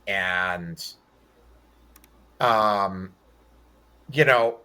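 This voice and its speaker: A man's voice: low voice, drawn-out words, sharp tone. A man hosting a casual podcast hangout, talking bluntly with frequent swearing and rambling restarts. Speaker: podcast host. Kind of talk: casual livestream chat.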